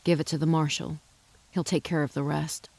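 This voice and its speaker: A woman voicing a remorseful former outlaw cowboy who speaks in a low, subdued drawl. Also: flat delivery, moderate pace, creaky, a little mellow, no room sound.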